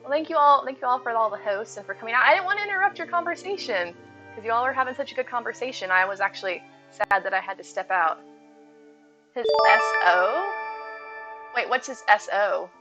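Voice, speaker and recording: A woman's voice: a little high, expressive, brisk. A woman game streamer chatting casually with her live viewers, laughing often, on slightly dull audio with faint music.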